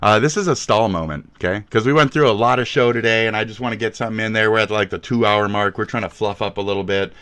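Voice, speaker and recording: A man hosting a livestream, ranting with lots of cursing, swinging between yelling and muttering. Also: on the low side, quick pace, hardly any pauses, clean tone. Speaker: livestream host.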